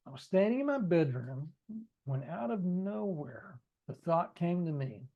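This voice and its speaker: On dull audio, a man with a higher voice and big pitch swings reads at a measured pace. It's his own book, delivered as conversational audiobook narration with improvised asides aimed straight at the listener.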